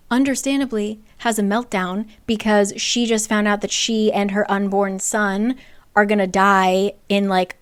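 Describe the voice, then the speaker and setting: A woman casually recapping a fantasy novel plot, chatty, full of "like" and the odd curse. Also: mid-range voice. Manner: chatty, frequent "like", profane. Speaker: book recap creator.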